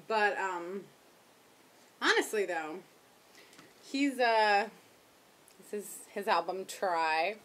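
A young woman chatting casually to her camera at home, rambling and self-mocking, talking loudly with headphones on. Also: medium pitch, takes it slowly, long pauses, a little hiss or hum. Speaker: vlogger. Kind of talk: casual chat. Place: home, indoors.

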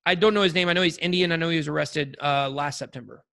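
A man's voice: fairly high pitch, quick pace, creaky, fairly bright tone. A man co-hosting a podcast in casual chat, rambling and joking with lots of restarts and fillers. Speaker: podcast co-host.

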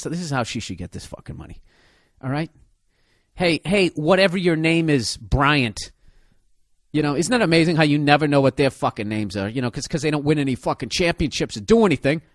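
A man's voice: medium pitch, no room sound, studio quality. A man comedian delivering a profane, sarcastic rant in a casual monologue style. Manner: ranting, sarcastic, heavy swearing.

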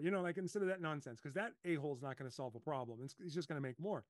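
A middle-aged man hosting a casual coaching talk, telling lively stories and acting out his own panicked voice. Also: fairly high pitch, quick pace, hardly any pauses, no room sound. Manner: animated storyteller, acts out his own panicked voice. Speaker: host.

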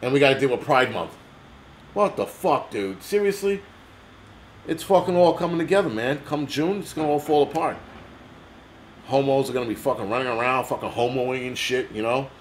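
A heated American man rants to his livestream audience, blunt and swearing constantly. His voice sits at a plain middle pitch. A faint background hum runs under the recording. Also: moderate pace. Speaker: livestream host. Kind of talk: angry ranting livestream.

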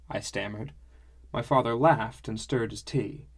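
A man narrating a fantasy audiobook in the first person, in a measured storytelling manner. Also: mid-range voice, gravelly.

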